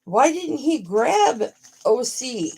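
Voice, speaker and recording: A woman's voice: sits high, big pitch swings, slow, creaky, darkish tone, slightly rough. A middle-aged woman hosting a casual live stream, talking frankly and motherly to her viewers and swearing freely.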